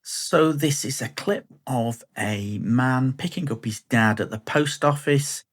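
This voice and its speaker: A man's voice: mid-range voice, takes it slowly. A middle-aged man co-hosting a podcast in casual banter, joking and playing with words. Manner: playful, jokey, wordplay-loving. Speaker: podcast co-host.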